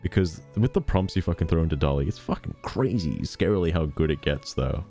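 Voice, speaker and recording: A man's voice: extremely low pitch, lively intonation, a little fast, dark tone, soft background music. A man casually reading a novel aloud, breaking off for irreverent, profane asides. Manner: irreverent, swears, breaks off to joke.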